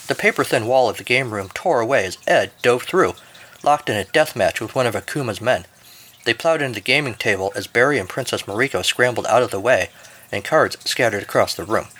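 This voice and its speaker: A man's voice: mid-range voice, fairly bright tone. Dry-humored male podcast host. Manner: dry, jokey asides. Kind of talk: comic storytelling narration and show outro.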